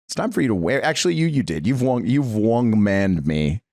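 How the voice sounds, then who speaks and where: A man's voice: on the low side, very animated, normal speed, darkish tone, no echo, studio quality. A young adult man co-hosting a podcast, teasing and self-mocking in casual banter. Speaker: podcast co-host.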